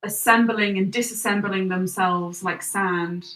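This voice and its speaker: A woman narrating a tabletop role-playing game as game master, in slow, measured second-person description. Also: mid-range voice, steady tone, a bit bright, roomy sound, far from the mic, low-quality recording.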